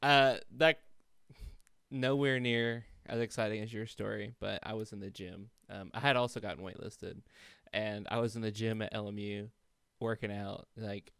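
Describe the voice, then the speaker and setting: A man's voice: on the low side, fairly even intonation, moderate pace, vocal fry, fairly bright tone, smooth, no echo, studio quality. A man co-hosting a podcast, chatting in a laid-back, jokey way. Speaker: podcast co-host. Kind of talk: casual chat.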